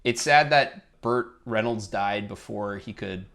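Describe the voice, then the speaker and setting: Male co-host, lowish voice, jokey and upbeat film chat. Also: vocal fry, fairly bright tone. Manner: jokey, quick to laugh, enthusiastic. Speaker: podcast co-host. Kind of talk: casual movie review chat.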